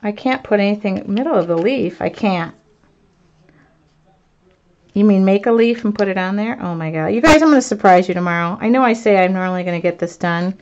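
A woman artist chatting to her live viewers as she works, excitable and self-mocking, laughing often. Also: medium pitch, brisk. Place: home art studio, indoors. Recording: dull lo-fi stream audio.

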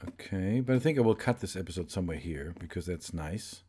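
Guy chatting thru his game, lowish mellow voice, rambly, keeps fixing his words. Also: expressive, brisk, a little hiss or hum. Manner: rambling, chatty, self-correcting. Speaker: let's play host. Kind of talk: casual gaming commentary.

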